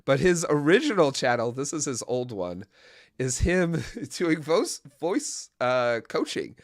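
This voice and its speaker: A man's voice: a little high, sing-song, measured pace, no room sound, clean studio sound. A man co-hosting a casual web development livestream, rambling with frequent laughs, fillers and restarts. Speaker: co-host.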